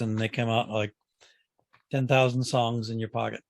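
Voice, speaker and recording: A man's voice: mid-range voice, little pitch movement, moderate pace, creaky, no room sound. A male podcast host with a mid-range voice, recorded dry and close with no room sound. He keeps affirming his guest and stumbles a little with fillers while he puts his questions together. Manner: affirming, frequent "yeah" and "mm-hmm", hesitant when asking questions. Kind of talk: conversational interview.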